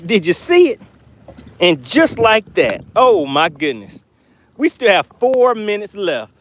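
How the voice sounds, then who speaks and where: A man's voice: high-pitched, huge pitch swings, slow, slight background noise. A man hosting a fishing livestream from a boat, teasing and laughing with his chat viewers.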